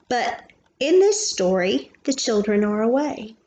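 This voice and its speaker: A woman reading a picture book aloud to young children as their preschool teacher, in a gentle manner, stopping to ask questions and point out the pictures. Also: on the high side, expressive, takes it slowly, lo-fi sound, slight background noise.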